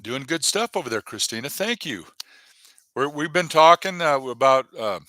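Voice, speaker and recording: Lively joking man with a bright voice. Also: a little high, normal speed, no room sound. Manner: rambling, jokey, many fillers. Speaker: comedy channel host. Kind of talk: casual live-stream chat.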